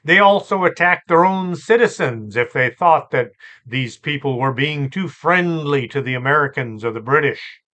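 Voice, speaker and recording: A man hosting a storytelling show, relaxed and chatty, with asides and fillers. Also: fairly high pitch, moderate pace. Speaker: host and storyteller. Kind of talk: conversational storytelling podcast.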